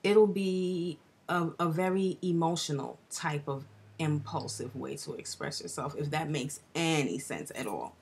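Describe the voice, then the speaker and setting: A woman talking excitedly in a casual astrology vlog, rambling with restarts and dropping into breathy whispered asides. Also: low voice, a little slow. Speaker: astrology vlogger.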